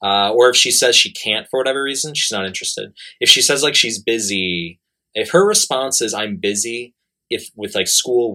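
A man with a fairly low but bright, forceful voice, talking casually as a dating coach. He is blunt and emphatic and repeats his points to drive them home. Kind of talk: casual advice talk.

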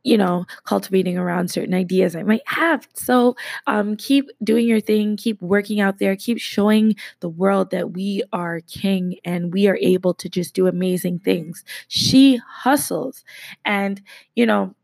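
A woman hosting a casual solo podcast, speaking with a slight lisp in an enthusiastic, rambling way with many fillers and shout-outs. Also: mid-range voice, fairly even intonation, normal speed, creaky, dry recording. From Canada. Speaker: podcast host.

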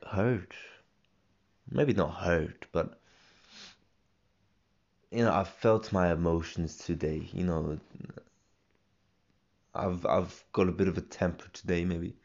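Young man, solo podcast, very low gravelly voice, mellow dark tone, muffled lo-fi sound, halting rambling talk. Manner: rambling, halting, many restarts and fillers. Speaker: podcast host. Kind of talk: solo casual podcast monologue.

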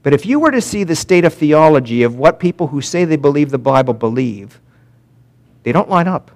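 A man preaching a sermon as pastor, swinging from loud emphatic peaks to quiet drops and slowing down to read scripture aloud. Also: on the high side, gravelly. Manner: animated preaching, rising and dropping sharply for emphasis.

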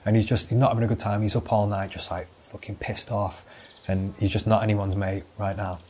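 A young man with a British accent talks alone into a mic for his podcast, spinning a rambling, foul-mouthed story. His voice sits low and a little husky. He piles on fillers and restarts as he goes. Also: a little fast. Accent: British English. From Britain. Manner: loose, sweary, animated anecdote-telling with many fillers. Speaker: podcast host. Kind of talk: solo rambling storytelling monologue.

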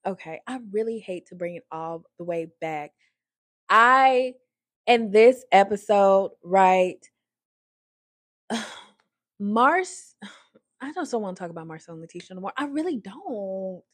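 Speaking slowly with long pauses, a woman with a mid-range, animated voice casually recaps a reality show, offering chatty opinions as a reality TV commentator. Frequent "like"s and restarts fill her talk, and she acts out the people she mentions by raising her voice. It's a dry, clean studio recording.

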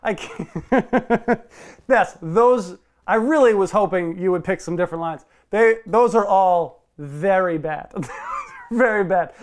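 A man's voice: high voice, slow. A man co-hosting a film podcast, defending a movie's script and repeating himself as he argues. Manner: argumentative, repeats himself, gives in with a laugh. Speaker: podcast co-host. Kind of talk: casual film-review debate.

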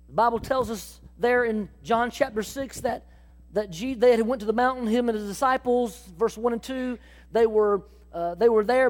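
A woman preaching a sermon, acting out Bible dialogue and calling out to the congregation in an animated way. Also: a little high. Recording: long hall reverb.

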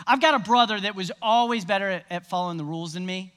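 Bright-voiced preacher man. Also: high voice, fast talker, smooth. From American South. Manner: energetic, conversational, crowd-rousing. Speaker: pastor. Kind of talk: sermon.

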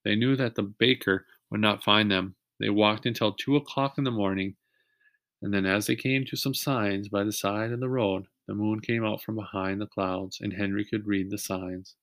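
Man reading a children's book aloud, low-voiced. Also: no echo, studio quality. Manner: steady read-aloud, pausing to ask young listeners questions. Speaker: reader.

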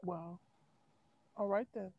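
A woman's voice: mid-range voice, slow pace, slightly rough, narrow, tinny audio. A woman in casual chat with friends, reacting with exclamations and joining a rhyming word game.

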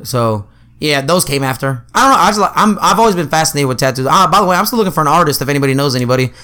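Bright-voiced young man telling profane stories. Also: fairly high pitch, very fast. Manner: profane, animated storyteller, acts out quotes. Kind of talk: casual chat.

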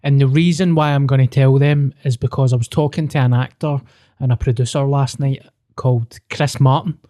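Blunt, jokey Glaswegian podcast host. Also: male voice, medium pitch, steady tone, normal speed, warm tone. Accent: Glaswegian Scottish. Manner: blunt, jokey, swears freely. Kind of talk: casual podcast chat.

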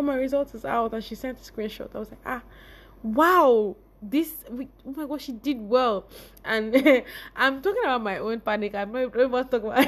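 Emotional young Nigerian woman, high voice. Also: a little hiss or hum. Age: young adult. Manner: laughs often, voice rising and breaking with emotion. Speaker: vlogger. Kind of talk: emotional personal storytelling.

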